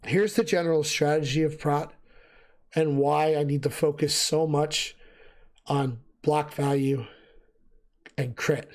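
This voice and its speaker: A man talks through his game setup in an easy, unscripted way, pausing on fillers as he works things out. His voice sits a little high and is worn, as he is losing it. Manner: relaxed, thinking aloud with fillers. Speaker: gaming video host. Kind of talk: casual gameplay gear explanation.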